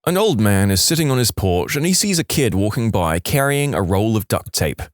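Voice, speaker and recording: A man's voice: lowish voice, normal speed, no room sound, studio quality. A man reading a string of jokes aloud as a storyteller, voicing the characters as he goes. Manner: lively, voices the characters. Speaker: joke storyteller.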